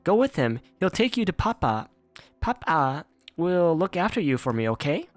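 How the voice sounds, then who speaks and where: A frail mother near death speaks in a soft, slow, tender voice, pausing to cough, as a man puts her on. Her pitch moves a lot as she pleads. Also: very animated, faint music behind. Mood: tender, mournful. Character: dying gentle mother, weak and coughing.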